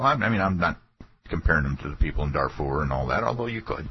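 A man's voice: sits low, animated, fast talker, breathy edge. A man hosting a political talk radio show, delivering a folksy, sarcastic monologue. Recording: dull lo-fi radio broadcast.

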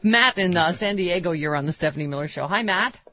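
A woman's voice: fairly low pitch, animated, lo-fi sound. Wisecracking woman talk radio host. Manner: wisecracking, quick to laugh. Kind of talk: talk radio banter and call screening.

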